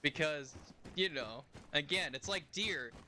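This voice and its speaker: A man's voice: a little high, lively intonation, takes it slowly, bright, forceful tone, slight background noise. A young man streaming a game, chatting casually in a rambling way and laughing often. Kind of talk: casual live-stream chat while playing.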